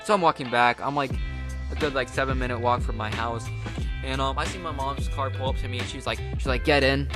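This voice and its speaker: A man's voice: medium pitch, a little fast, music in the background. A teenage boy telling a casual storytime tale, rambling along with lots of filler words. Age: teens. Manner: rambling, full of "like" and "you know" fillers. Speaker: vlogger.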